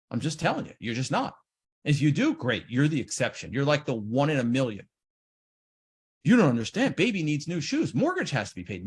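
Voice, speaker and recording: A man giving an animated seminar talk on trading, acting out the inner voices of traders. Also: medium pitch, husky. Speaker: trading educator.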